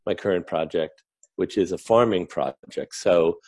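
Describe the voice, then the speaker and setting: A man as an interview guest, talking in a relaxed, chatty way with self-deprecating jokes. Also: sits low, a little slow. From Northern New Jersey, USA. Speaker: guest, clinical consultant.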